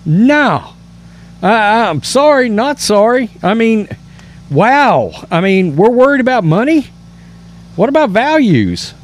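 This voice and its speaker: Animated, high-voiced indignant male commentator. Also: slow. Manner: indignant, emphatic, repeats himself with stammered restarts. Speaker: political commentary host. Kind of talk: opinion commentary reading news.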